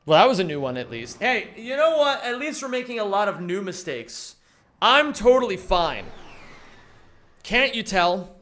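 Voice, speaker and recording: A man's voice: high voice, sing-song, moderate pace, fairly bright tone. A young man live-streaming a game, joking around casually and greeting viewers by name. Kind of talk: casual live-stream chat while gaming.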